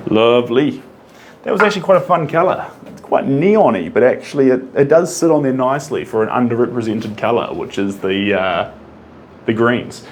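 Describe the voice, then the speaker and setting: Humming and singing as he paints, a live-streaming man reads out chat comments and answers them chattily. His medium-pitched voice has lively intonation and a moderate pace, his non-American English features a rolled R, and slight background noise can be heard.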